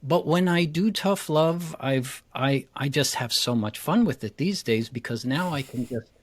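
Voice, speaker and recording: A man who coaches public speaking, a guest in an interview, talking with energy and acting out his examples. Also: on the high side. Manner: energetic and quick, acts out examples.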